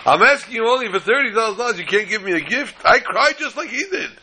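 A man voicing a whiny young male stranger who pleads in a rising, high tone. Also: fairly even intonation, racing, creaky, sharp tone, slight background noise. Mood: pleading.

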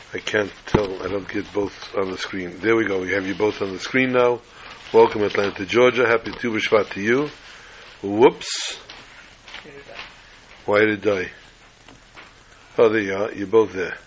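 A man teaching a class over a video call, telling a story slowly and adding corny jokes. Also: on the low side, slight background noise, rough recording.

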